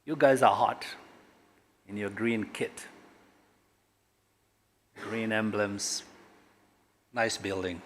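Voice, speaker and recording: A middle-aged man from Kenya, a government guest speaker at a corporate launch, speaks emphatically and swings sharply between loud and quiet. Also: fairly low pitch, very slow, long pauses. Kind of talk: public speech at a corporate launch.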